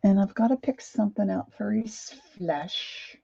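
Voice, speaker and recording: A middle-aged woman chatting casually and self-deprecatingly while she draws, halting with fillers as she works. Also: medium pitch, creaky, warm tone, slightly rough, no room sound, lo-fi sound. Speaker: art journaling vlogger. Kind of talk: casual live drawing chat.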